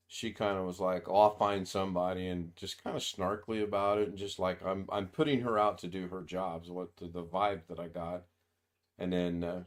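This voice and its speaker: Male host, American, low voice, wry storyteller, casual home stream. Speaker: livestream host. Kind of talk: casual chat.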